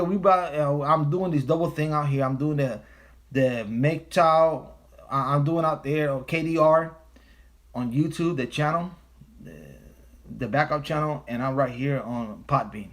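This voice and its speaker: A man's voice: a little high, a little slow, a bit bright. Profane, emphatic male livestream host. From United States. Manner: profane, emphatic, repeats phrases. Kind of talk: casual livestream commentary.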